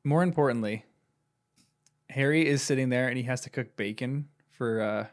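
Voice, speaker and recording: A man's voice: medium pitch, normal speed. A male podcast host chatting casually about a book, playful and laughing often, asking teasing questions. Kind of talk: casual book-club chat.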